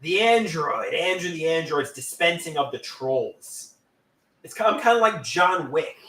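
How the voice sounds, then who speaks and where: A man hosting a casual live stream, bantering and teasing with his chat. His voice sits a little high and swings widely in pitch. He sounds set back from the mic in an echoey room. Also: animated, unhurried, sharp tone. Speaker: livestream host. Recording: roomy echo, distant from the mic.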